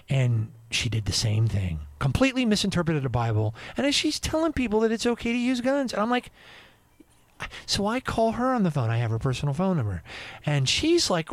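A man hosting a radio show, ranting in an indignant monologue that swings between loud and quiet. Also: on the high side, no echo.

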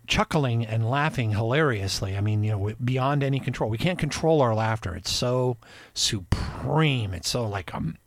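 A man hosting a podcast, giving casual news commentary in an animated, digressive way and laughing often. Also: mid-range voice, dry recording. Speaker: podcast host.

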